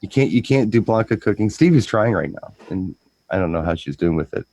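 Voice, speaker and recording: A man chatting casually as a DJ co-host, telling stories in a rambling, animated way with lots of restarts. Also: fairly low pitch, fairly quick, dry recording. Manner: rambling, animated storytelling with frequent restarts and mimicked voices. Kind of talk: casual chat.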